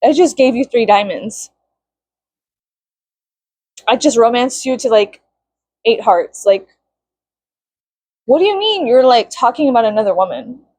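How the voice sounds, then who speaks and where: A woman's voice: a little high, expressive, unhurried, long pauses, a little mellow, dry recording. A young woman vlogging casually, venting with lots of swearing and bursts of mock-outraged shrieking.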